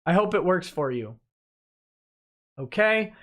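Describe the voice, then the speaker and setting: A man hosting a livestream, reading chat questions and giving sarcastic, animated commentary. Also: high voice, takes it slowly.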